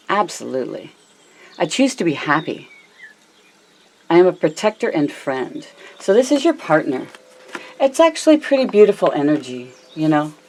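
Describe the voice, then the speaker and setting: Low-voiced woman giving a chatty tarot reading. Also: a little mellow. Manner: chatty, affectionate, addresses viewers as my loves and honey; varies her pitch and pace a lot, slows down for emphasis. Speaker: tarot reader. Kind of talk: casual tarot reading to camera.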